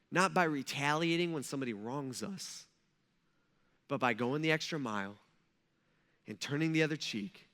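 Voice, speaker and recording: A male pastor preaching a sermon in an animated, conversational way, often checking in with "right?". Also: mid-range voice. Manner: animated, conversational, with frequent tag questions.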